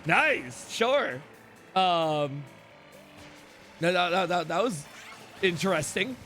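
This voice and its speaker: A man's voice: high-pitched, slow, a bit bright, soft background music. A young man streaming, telling a rambling story to his chat with lots of "like" and restarts.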